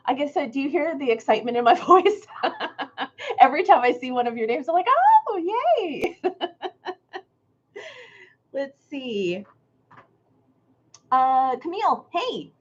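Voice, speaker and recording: A woman's voice: a little high, dull audio. Woman hosting a cozy live stream. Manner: warm greetings, reads out viewer comments, reflective. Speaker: creative workshop host. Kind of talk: live-stream chat with viewers.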